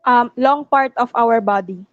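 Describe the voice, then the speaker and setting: Filipino student, slow and halting, fairly high voice, flat dry lo-fi call audio. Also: female voice, dry recording. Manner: hesitant, many ums. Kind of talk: giving clues in class. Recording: dull dry lo-fi mic.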